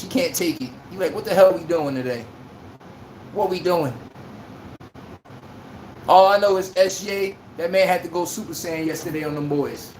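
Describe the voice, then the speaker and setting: Male livestream sports host, loud and profane, speech, echoey room, faint background noise. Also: fairly high pitch. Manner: animated, profane, trash-talking. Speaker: podcast host. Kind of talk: casual sports commentary livestream.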